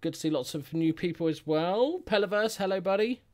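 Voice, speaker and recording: A man's voice: high voice, fairly quick, darkish tone. Casual male streamer at home, rambling and jokey, hums between remarks. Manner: jokey and rambling, humming filler sounds. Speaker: YouTuber hosting a live stream. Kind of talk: casual live-stream chat.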